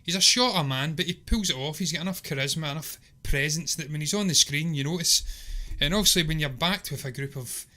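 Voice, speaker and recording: A man's voice: on the high side, brisk, hardly any pauses, sharp tone. A man co-hosting a casual movie review podcast, talking emphatically and at length. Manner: emphatic, chatty, rambling. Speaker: podcast co-host.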